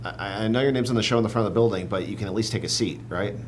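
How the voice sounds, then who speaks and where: A man's voice: on the low side, racing, slight background noise. A man playing a fed-up boss in a comedy sketch, scolding the others. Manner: exasperated, scolding.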